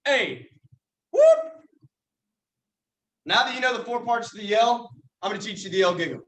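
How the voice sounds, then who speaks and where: Joking young man, high voice, echoey. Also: quick pace, a bit bright. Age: young adult. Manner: folksy, teasing delivery. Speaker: yell leader. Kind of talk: joking instructional talk. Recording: echoey room from far off.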